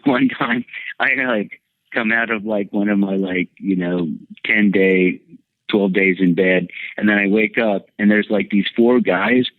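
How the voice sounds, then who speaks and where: Animated man telling a story over a tinny line. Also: a little slow, no echo. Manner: animated storyteller, jumps high when quoting himself. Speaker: podcast guest. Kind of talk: candid storytelling conversation. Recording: dry, tinny phone-like line.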